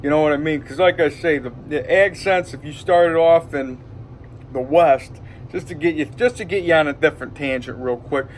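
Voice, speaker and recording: A man's voice: fairly high pitch, moderate pace, a little hiss or hum. A man with a Detroit accent rambling in a loose, hyped-up vlog monologue from home, full of fillers. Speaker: vlogger. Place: indoors at home.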